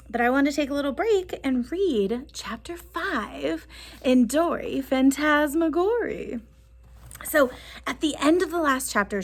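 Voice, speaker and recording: High-voiced teacher reading to kids. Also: female voice. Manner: asks children questions. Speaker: first grade teacher. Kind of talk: reading aloud to children. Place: classroom.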